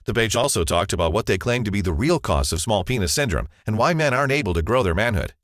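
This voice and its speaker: Low-voiced man telling a confessional ad story. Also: lively intonation, fast talker, fairly bright tone, no echo, studio quality. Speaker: ad narrator. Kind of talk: scripted first-person ad narration.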